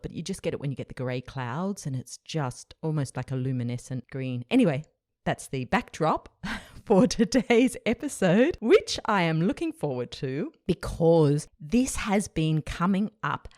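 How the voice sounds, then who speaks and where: A woman's voice: low voice, a little mellow, no room sound, clean studio sound. A woman hosting her own podcast, talking in a chatty, reflective way with frequent light laughs. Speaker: podcast host. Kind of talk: casual solo podcast chat.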